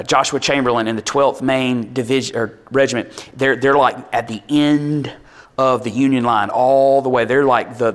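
A man preaching a sermon, telling a story with rising energy and bursts of shouting. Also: mid-range voice. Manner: animated storytelling, builds to shouts.

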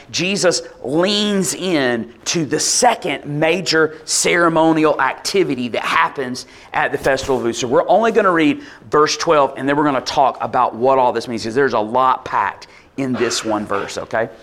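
A man preaches in an easy, conversational way, keeping his explanations casual. His voice sits a touch high for a man, and he slips into quoted voices as he tells the story. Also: a bit bright. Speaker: pastor. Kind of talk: sermon.

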